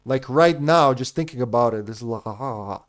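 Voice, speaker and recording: A man in his thirties whose first language is not English chats candidly with his live audience while streaming a game. His voice sits at an ordinary, middling pitch, and he speaks to his viewers directly by name. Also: normal speed. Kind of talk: casual chat with live viewers.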